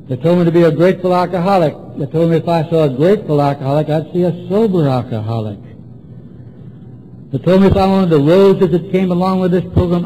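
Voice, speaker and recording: A man's voice: fairly high pitch, warm tone, a little hiss or hum, rough recording. A man from Washington, DC giving a folksy, repetitive, emphatic talk to a recovery meeting. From Washington, DC, USA. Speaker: AA speaker. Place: meeting room before a group.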